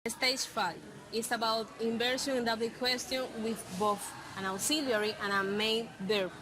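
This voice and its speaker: A woman's voice: fairly high pitch, fairly even intonation, moderate pace, noisy background. A young woman giving a class presentation, carefully explaining grammar and reading example sentences aloud. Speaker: student presenter.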